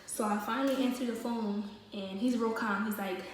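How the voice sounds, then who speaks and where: A woman's voice: on the high side, steady tone, moderate pace, recorded from a distance. A woman chats through a casual storytime vlog, packed with fillers as she goes. She sits well back from the mic in a very echoey room, with a faint hiss of noise underneath. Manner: chatty, with many fillers.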